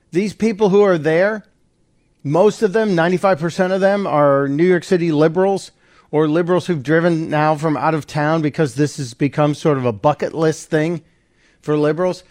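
A man hosts live talk radio in a tight, dry studio, his voice sitting a little high for a man. He narrates clips with a sarcastic bite and firm opinions, and he breaks into quick asides. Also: no room sound. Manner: animated, sarcastic, opinionated, narrating a clip as it plays. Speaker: radio talk show host.

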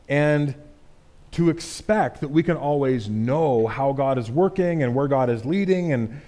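A man preaching a sermon in a relaxed, conversational way, dropping in casual fillers. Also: a little high. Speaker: pastor.

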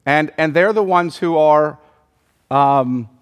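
A man's voice: fairly high pitch, slow, smooth. Man teaching a Bible class. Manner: thinking aloud, many ums and restarts, quizzing the group. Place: room with a group of listeners.

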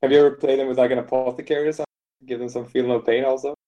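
A man's voice: mid-range voice, flat delivery, racing, dark tone, highs cut off. A man co-hosting a casual hobby podcast, joking around, swearing casually and laughing often. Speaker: podcast co-host.

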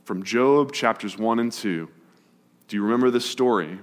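A man preaching a sermon in a church, talking to the congregation in a brisk, conversational way and reading scripture aloud. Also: lowish voice. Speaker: pastor. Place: church sanctuary. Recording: long hall reverb.

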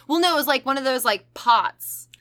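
A woman's voice: sits high, moderate pace. A woman co-hosting a casual true-crime podcast, retelling the case with lots of laughter and swearing. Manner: laughing, profane, animated storytelling. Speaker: podcast co-host.

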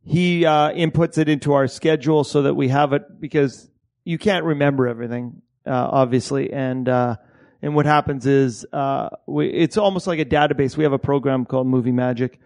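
A man's voice: mid-range voice, fairly even intonation, a little mellow. A Canadian-born man, an assistant director, talking casually with frequent restarts and swearing. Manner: halting, many restarts and swearing. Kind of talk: casual podcast conversation.

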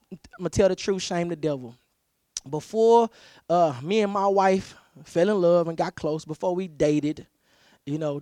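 A man with a high voice preaches a conversational sermon, weaving in personal stories. He stumbles and repeats words as he restarts sentences, then throws himself into the voices of the people he quotes. The sound is close and dry, with no room around it. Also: no room sound. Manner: animated storyteller who repeats words as he restarts; acts out quoted voices loudly. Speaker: pastor.

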